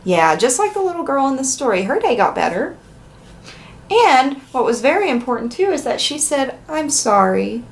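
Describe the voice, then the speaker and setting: A woman hosting an interactive read-aloud for young children, her high voice swinging up and down in a sing-song way. She asks the little listeners questions and then answers for them. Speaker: children's story reader and teacher.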